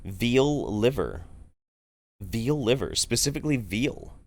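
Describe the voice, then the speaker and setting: A man's voice: medium pitch, animated, slow. A man hosting a casual livestream, reacting to a video with sarcastic, rambling, profane commentary. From United States. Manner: sarcastic, swears, rambling with restarts. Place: home, Eugene area.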